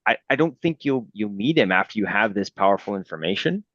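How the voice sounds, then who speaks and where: A man playing a tabletop game argues his case, stumbling and repeating himself as he presses on. His voice is on the low side. The recording is dry and dull, with a lo-fi quality. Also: animated, fairly quick, a bit bright, dry recording. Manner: hesitant, persuasive, repeats words. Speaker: player.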